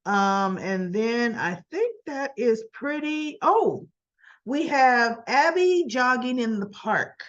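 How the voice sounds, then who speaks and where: A woman casually retelling soap opera scenes, chatty, often clearing her throat and acting out bits of dialogue. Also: a little high, lively intonation, slow pace, muffled recording. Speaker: soap opera recap host.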